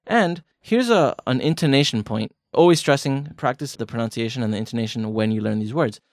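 A man's voice: mid-range voice, lively intonation, no echo, studio quality. Playful man co-hosting a language lesson. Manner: playful, teasing, explains slowly. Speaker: podcast co-host teaching Japanese. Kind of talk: casual language lesson banter.

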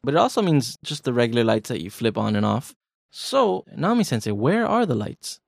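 A man's voice: mid-range voice, very animated, brisk, creaky, no room sound, clean studio sound. A man hosting a language lesson podcast, teasing his co-host and stretching words for emphasis. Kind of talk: playful language lesson banter.

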